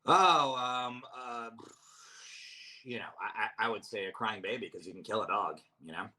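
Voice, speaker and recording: A man's voice: fairly low pitch, normal speed, pushed and bright. A man, a comedian guest in a casual chat, talking in a rambling, self-deprecating way with lots of restarts. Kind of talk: casual chat over drinks.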